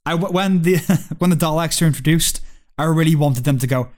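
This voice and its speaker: A man with a slightly raised pitch talks through a TV episode in casual podcast chat. He is wry and hedges his points with fillers. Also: a little fast, darkish tone. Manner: chatty, wry, hedging with fillers.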